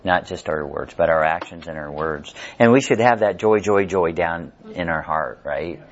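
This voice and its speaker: Low-voiced older man teaching Bible study. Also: moderate pace, a little hiss or hum. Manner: conversational, jokey, tells stories with acted dialogue. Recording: dull lo-fi sound.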